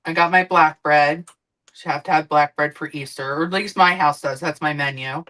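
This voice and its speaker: A woman's voice: low-pitched, fairly even intonation, normal speed, fairly bright tone, low-quality recording. A woman streamer chatting casually while she cooks, rambling and swearing now and then. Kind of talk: casual chat while cooking.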